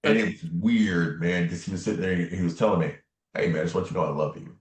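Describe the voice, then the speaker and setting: Deep-voiced man telling a story. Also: steady tone, fast talker. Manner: earnest, casual, often says "man" and "right?". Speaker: interview guest. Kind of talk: personal storytelling in conversation. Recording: echoey room.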